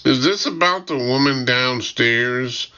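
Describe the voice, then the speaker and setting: A man voicing a blunt woman chief medical examiner who asks sharp questions, in an audiobook. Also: medium pitch, slow pace, muffled recording, voice pushed up. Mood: impatient. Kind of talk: audiobook character voice.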